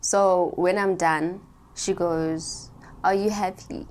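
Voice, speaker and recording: Young woman vlogger, low-ish pitch, animated and chatty, addresses the camera directly. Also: slow pace, slight background noise. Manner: animated, chatty, talks straight to viewers. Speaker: actor sharing advice. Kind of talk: casual vlog storytelling.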